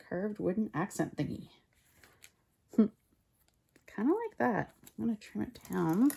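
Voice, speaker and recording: A woman chatting casually while she makes a collage at home, rambling and muttering softly to herself as she works, recorded on a phone on a mount. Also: medium pitch, sing-song, a little slow, creaky, pauses often, slightly rough. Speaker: collage artist. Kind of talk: casual crafting chat. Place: home craft table, indoors.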